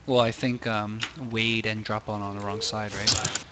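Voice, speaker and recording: A young man with a lowish voice casually commentating a video game match. He talks in a chatty, rambling way, often restarting his sentences. Steady background noise sits under his home mic. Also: unhurried. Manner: chatty, thinks aloud with restarts.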